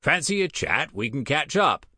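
Audiobook imp: small, chirpy demon girl, high and eager, put on by a man narrating. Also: very animated, moderate pace, dry recording, full character voice. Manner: bright, eager. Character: cheerful little female imp demon.

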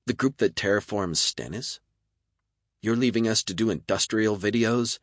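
A man's voice: low voice, brisk, dry recording, clean studio sound, pitched above the performer's own voice. A man voicing a practical young woman news producer who speaks bluntly and matter-of-factly.

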